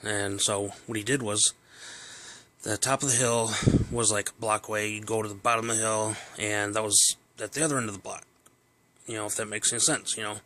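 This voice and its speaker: A man's voice: on the low side, steady tone, a little fast, sharp tone. A man casually telling a personal story, rambling with fillers and restarts.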